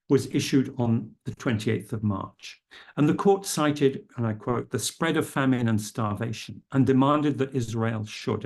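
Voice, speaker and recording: A middle-aged man giving a formal lecture, measured and careful, quoting legal texts precisely. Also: medium pitch, creaky, darkish tone. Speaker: speaker at a public health lecture. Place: lecture room.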